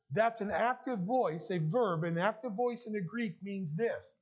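A man preaching a sermon as pastor, emphatic and rising to loud bursts. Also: high voice, animated, unhurried. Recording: dull lo-fi sound.

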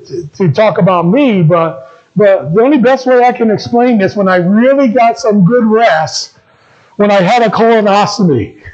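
A man's voice: sits high, a little mellow, dull audio. A man preaching a sermon as a pastor, asking the congregation questions and repeating his key phrases.

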